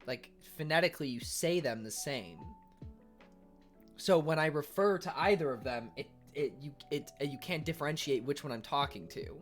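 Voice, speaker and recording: A man streaming live and chatting casually with his viewers, sarcastic and swearing, bursting into loud exasperation. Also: on the high side, normal speed, faint music behind. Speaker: Twitch streamer reading chat. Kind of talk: casual livestream chat with viewers.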